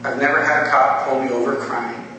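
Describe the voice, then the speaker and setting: A man preaching a conversational sermon, moving between casual storytelling, impassioned pleas and quiet prayer. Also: medium pitch, fairly even intonation, brisk, a little hiss or hum. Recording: echoey hall, distant mic, faint ambience.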